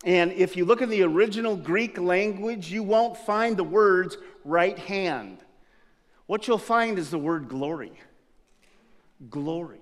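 High-voiced pastor in a reverberant church. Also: male voice, measured pace. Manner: lively storyteller who acts out scenes with laughter. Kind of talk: sermon with personal storytelling. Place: church sanctuary. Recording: long reverb of a church hall.

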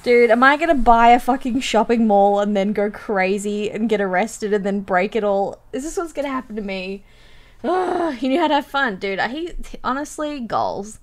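A young woman, telling stories and reacting on a stream in a giggly, animated way, swearing casually. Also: fairly high pitch, normal speed.

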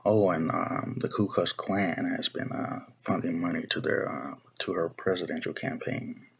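Ranting to camera about politics, a young video blogger speaks at a moderate pace in a low, gravelly, slightly rough voice. He stays blunt and profane, repeatedly circling back and restarting his phrases.

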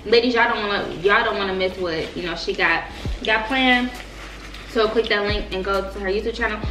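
A woman hosting her vlog who teases her twin during a mukbang chat and wraps up with a relaxed outro to her viewers. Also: mid-range voice, fairly quick, recorded from a distance, soft background music. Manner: teasing, relaxed, hypes the audience. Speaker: vlog host. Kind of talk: casual chat and channel outro. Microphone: vlog camera. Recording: echoey room, away from the mic.

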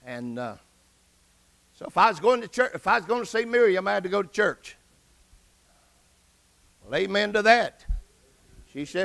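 A middle-aged pastor preaching a sermon in a high, gravelly voice. His tone is bright and ringing, and he tells his own story with sudden excited rises. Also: normal speed, long pauses. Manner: personal testimony, rising to excited outbursts.

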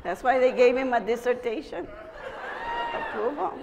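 A Mexican American woman giving a conference speech, telling stories with animated energy and switching between English and Spanish. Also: sits high, normal speed, highs cut off. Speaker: keynote speaker. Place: conference hall. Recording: echoey hall, crowd noise.

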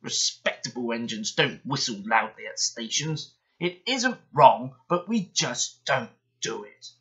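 Fields: Figure: boastful proud male engine, voiced by a man. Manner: pompous, lecturing, lively swings. Sound: dull lo-fi. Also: mid-range voice, unhurried.

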